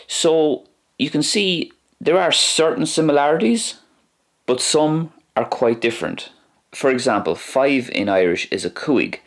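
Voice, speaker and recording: A man's voice: medium pitch, a little slow. A man teaching a language lesson, pronouncing words carefully and repeating each one.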